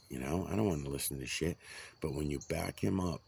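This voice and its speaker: A man's voice: a bass voice, fairly quick, creaky, a little mellow, slight background noise. A man rambling and ranting outdoors, swearing often. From United States. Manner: profane, ranting. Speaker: vlogger.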